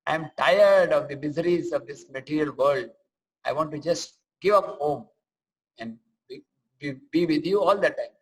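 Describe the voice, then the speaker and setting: A man's voice: on the high side, normal speed, lightly acted, poor audio. A man voicing an earnest villager pleading. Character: devout male villager pleading to follow.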